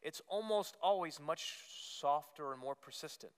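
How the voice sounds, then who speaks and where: A man's voice: fairly high pitch, expressive, moderate pace, clear, resonant tone. A man preaching a sermon as pastor, earnest and emphatic, repeating phrases and rising on key words. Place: church sanctuary. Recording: long reverb of a church hall.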